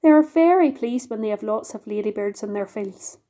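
A woman's voice: fairly high pitch, lively intonation, moderate pace, mellow, voice pushed down, lightly acted. A woman voicing a modest but proud female ladybird with a genteel, prim manner.

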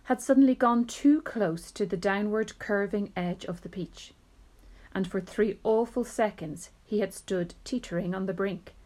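A woman's voice: mid-range voice, darkish tone. A woman, a teacher, reading a children's book aloud to a class, telling the story expressively.

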